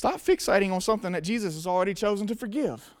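A man's voice: high voice, expressive, quick pace. A man preaching a sermon to a congregation, emphatic and casual. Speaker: pastor.

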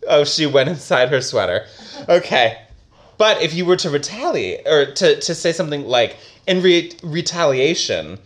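Animated man mock-lecturing on grammar. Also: a little high. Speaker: podcast co-host. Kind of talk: casual comedic chat.

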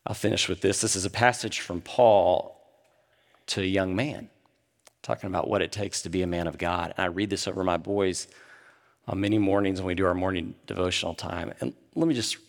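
A middle-aged man preaching a sermon, swinging between animated emphasis and hushed, quiet moments. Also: low-pitched, fairly quick. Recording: long hall reverb.

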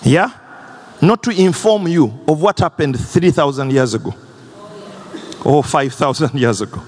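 High-voiced man preaching in a reverberant hall. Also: animated, a little slow, darkish tone, slightly rough. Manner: impassioned preaching, swinging between high and low registers. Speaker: pastor. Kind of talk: sermon. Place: large church hall. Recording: long church reverb.

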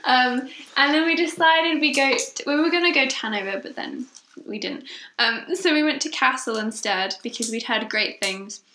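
A woman's voice: high voice, normal speed, bright, forceful tone, a little hiss or hum. A woman co-hosting a podcast, chatting casually in a giggly, teasing manner. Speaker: podcast co-host. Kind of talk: casual chat. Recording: roomy echo.

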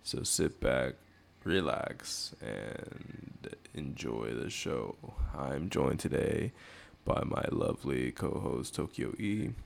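A man putting on a slow, smooth, mock-seductive voice as a deep-voiced broadcast announcer. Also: lively intonation, heavily acted.

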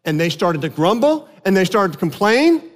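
A pastor with a high voice delivers an animated sermon, often breaking into the voices of the people he quotes. His words ring out with a long tail of reverb, as in a big sanctuary. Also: moderate pace.

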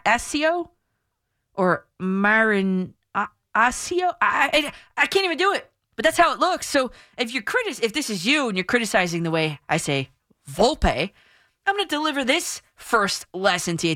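A woman's voice: fairly high pitch, fairly bright tone, no room sound, studio quality. A woman in her thirties hosting a sports talk radio show, chatty and emphatic. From New Jersey. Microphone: studio microphone.

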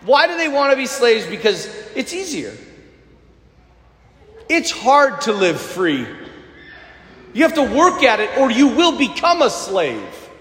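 A man preaching a sermon, animated and at times rising to emphatic near-shouts. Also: very high-pitched, measured pace, long pauses. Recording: echoey church with long reverb.

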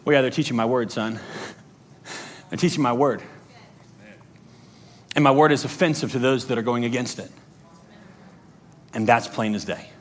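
A man voicing the Lord in a sermon, speaking slowly, gravely and with command. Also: mid-range voice, voice pushed down, natural voice. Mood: firm. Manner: slow, solemn and grave. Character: the Lord, solemn commanding male divine voice.

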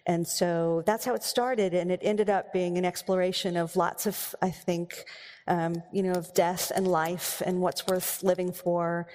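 A woman's voice: lowish voice, flat delivery, a little slow, darkish tone. An American woman novelist answering audience questions on stage, chatty and laughing, rambling with restarts. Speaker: novelist giving a keynote Q&A. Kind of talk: live audience Q&A. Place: large hall with audience. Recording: long hall reverb.

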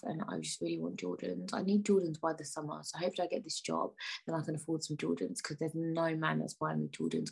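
A woman's voice: deep voice, gravelly, breathy edge. A young woman hosting her own podcast, chatting in a rambling, playfully indignant way and sometimes dropping into near-whispered asides. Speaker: podcast host. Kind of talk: casual solo podcast chat.

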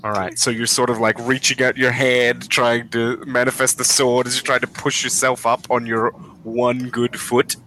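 A man narrating a tabletop game as game master, in a casual, unhurried way with many fillers. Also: mid-range voice, little pitch movement, bright, forceful tone, slight background noise, low-quality recording.

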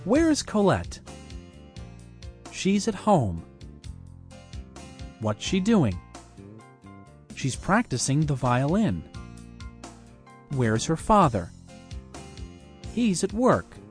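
A speaker reading slow question-and-answer drills for a language lesson. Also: mid-range voice, wildly swooping pitch, faint music behind.

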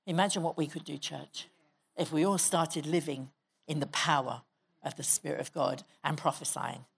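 A woman's voice: low-pitched, steady tone, moderate pace, vocal fry, slightly rough. A woman pastor preaching a sermon in church, exhorting the congregation and leading them in prayer. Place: church hall.

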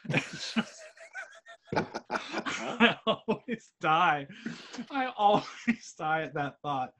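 Young guy cohosting a movie podcast, bright forceful voice, swears constantly, laughs a lot. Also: on the high side, animated, takes it slowly, long pauses. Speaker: podcast co-host watching a movie. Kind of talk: casual movie commentary chat.

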